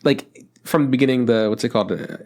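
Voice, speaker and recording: A man's voice: mid-range voice, expressive, fast, gravelly, darkish tone. A man co-hosting a podcast in casual chat, rambling with lots of fillers, restarts and swearing. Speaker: podcast co-host.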